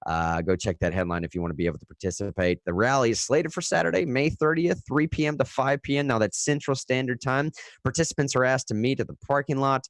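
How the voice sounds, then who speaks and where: A young man hosting a radio news show, giving live, casual commentary that turns animated and full of restarts. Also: mid-range voice, fast, no room sound, clean studio sound. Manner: casual and animated, frequent "dude" and "man", restarts when worked up. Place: radio studio.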